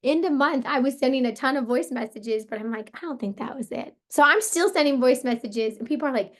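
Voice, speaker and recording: A woman with a hoarse, partly lost voice, coaching her sales team on a motivational call in a casual, upbeat way, full of "like" and "you guys". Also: high voice, brisk. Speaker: team leader coaching sellers.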